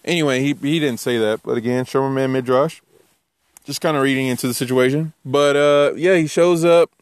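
Male preacher, informal and animated, dry close mic. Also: mid-range voice, a little fast, dry recording. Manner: animated, jokey, acts out voices. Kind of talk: informal sermon.

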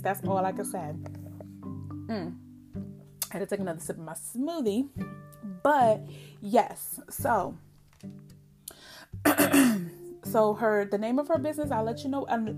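An excited woman talks in a loose, chatty way, full of fillers. Her pitch sits in a middle range. Guitar music plays clearly behind her. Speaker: podcast host. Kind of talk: casual chat.

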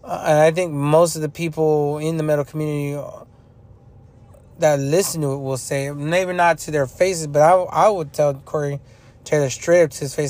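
A man's voice: on the high side, steady tone, normal speed, a little mellow. A young man hosting a podcast, talking in a blunt, profane, repetitive ranting manner about music. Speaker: podcast host. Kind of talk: casual opinion monologue.

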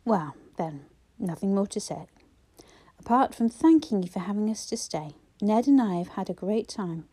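A quick-witted, sharp-tongued young woman from a novel, full of teasing banter, voiced by the woman narrating. Her tone is mellow and dark rather than bright. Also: mid-range voice, expressive, breathy edge. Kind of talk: audiobook character voice.

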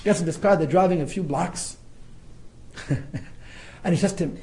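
A man teaching a text-study class, talking in an animated way, often laughing and acting out what people say. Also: high-pitched, unhurried, poor audio. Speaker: Torah teacher.

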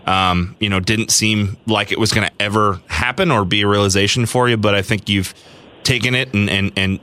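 A man's voice: fairly low pitch, bright, forceful tone. A man hosting a podcast, talking in a friendly, rambling way with many fillers. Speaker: podcast host. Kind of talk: casual podcast chat.

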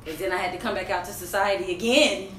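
A woman co-hosting a podcast, telling a personal story in relaxed, candid casual chat. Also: mid-range voice, quick pace, a crowd in the background. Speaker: podcast co-host. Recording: echoey room, mic at a distance, faint hiss.

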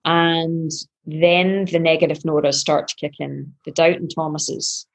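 Casting: lower-pitched husky woman, pro athlete guest, animated storyteller who replays her own thoughts. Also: normal speed. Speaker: professional triathlete guest. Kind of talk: podcast interview storytelling.

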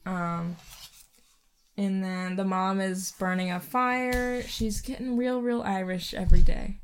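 A woman's voice: medium pitch, steady tone, slow pace, a little hiss or hum. A woman co-hosting a casual chat about a movie, chatty and full of ums. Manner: chatty, lots of ums, acts out movie lines. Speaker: podcast co-host.

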